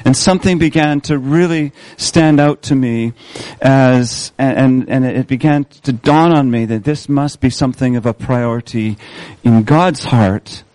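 Man, pastor, sermon, measured emphatic delivery, dry close sound. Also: medium pitch, a little mellow, dry recording, low-quality recording. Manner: measured, emphatic repetition of key phrases. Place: church service.

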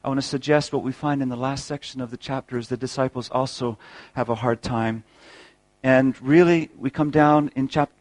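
Earnest preacher, dry close sound. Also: male voice, medium pitch, steady tone, moderate pace, no room sound, rough recording. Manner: earnest, rhetorical questions, repeats words. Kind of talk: sermon.

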